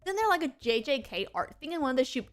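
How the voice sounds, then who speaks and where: A high-pitched young woman rambles through a casual streaming chat, bubbly and excitable, with "like" in nearly every sentence. Faint music plays quietly behind her. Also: fast talker. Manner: excitable, rambling, heavy use of "like". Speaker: VTuber streamer.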